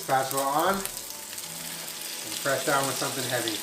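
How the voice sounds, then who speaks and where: A man cooking in his home kitchen, talking through the steps in a relaxed, laid-back way. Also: medium pitch, moderate pace, very noisy. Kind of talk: casual cooking chat. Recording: roomy kitchen with clear music behind.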